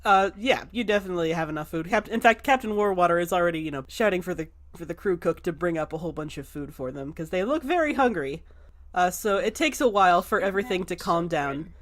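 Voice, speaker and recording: A woman's voice: on the low side, lively intonation, fast. A woman narrating a tabletop game as game master in a casual, rambling way. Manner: casual with many fillers.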